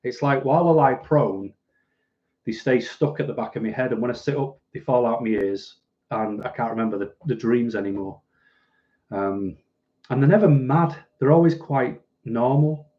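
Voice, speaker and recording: This livestream host is a Manchester man with a Mancunian accent, replying to viewer comments with dry self-deprecation in a casual stream. He speaks in a mid-range voice at a moderate pace, and the recording has its highs cut off.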